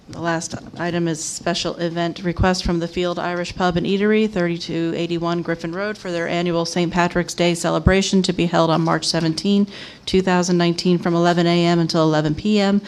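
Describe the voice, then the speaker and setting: A woman chairing a city commission meeting, reading agenda items and a formal proclamation aloud in a steady, even manner. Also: lowish voice, brisk, a little hiss or hum.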